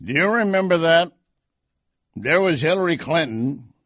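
A man's voice: a little high, expressive, a little slow, fairly bright tone, no room sound, clean studio sound. Emphatic man hosting talk radio. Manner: conversational, emphatic, rising on key points. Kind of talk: political commentary.

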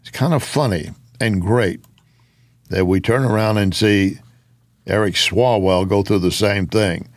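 A man's voice: on the low side, measured pace, no room sound. Sarcastic male political commentator. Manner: opinionated, sarcastic asides.

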